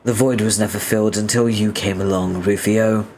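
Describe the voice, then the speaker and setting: A man's voice: on the low side, fairly even intonation, moderate pace, a little mellow, slight background noise, close to an everyday voice. A man reading as a prim, long-winded young male troll inventor who talks in a formal, stiffly polite way.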